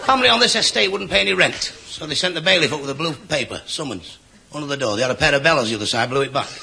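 Give me a man doing deadpan stand-up on a hissy live recording. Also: on the high side, racing, vocal fry. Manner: deadpan one-liners with voiced characters. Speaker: stand-up comedian. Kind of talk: rapid-fire joke telling. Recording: noisy live club recording. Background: audience laughter.

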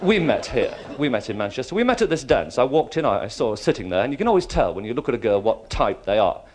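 A man's voice: medium pitch, big pitch swings, quick pace, darkish tone. A man doing stand-up, rambling through a story about his wife. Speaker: stand-up comedian. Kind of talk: stand-up joke telling. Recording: noisy live venue with a crowd.

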